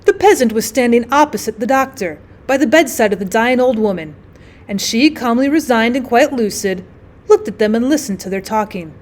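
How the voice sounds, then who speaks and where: A woman teacher giving a measured, clear scripted narration of a short story. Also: a little high, lively intonation, a little mellow.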